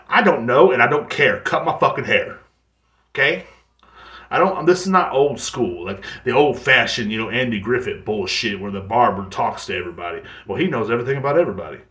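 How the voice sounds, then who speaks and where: A man's voice: medium pitch, lively intonation, fast talker, a bit bright. A man hosting a solo podcast, ranting bluntly and profanely with lots of fillers and restarts. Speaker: podcast host. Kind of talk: solo rant, casual monologue. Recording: echoey room.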